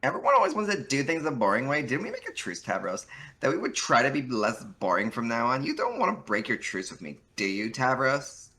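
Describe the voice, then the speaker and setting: A man's voice: very animated, fairly quick, bright, forceful tone. A man doing a bossy Valley Girl troll girl. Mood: cajoling. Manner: Valley Girl voice, swooping high and pushy. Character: bossy, scornful young female troll. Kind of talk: comic read-aloud.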